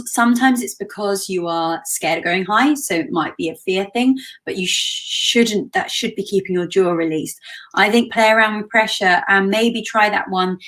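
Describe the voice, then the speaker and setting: A woman vocal coach leading a live online singing warm-up in a relaxed, conversational way, breaking off to sing demonstration slides. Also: medium pitch. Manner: demonstrates exercises by singing slides between instructions.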